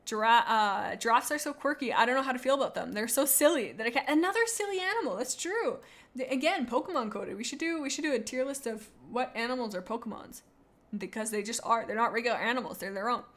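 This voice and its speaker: Young woman streamer, rambling and excitable, slightly high voice, casual live chat at the desk. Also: fast. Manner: rambling and excitable, gushing over animals.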